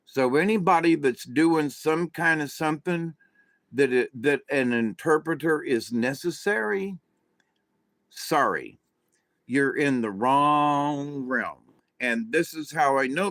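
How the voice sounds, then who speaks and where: Man, slightly high voice, rambling vlog storyteller, dry close mic. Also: fairly bright tone, dry recording. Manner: rambling, with restarts and asides to viewers. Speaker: spiritual channel host. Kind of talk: casual storytelling monologue.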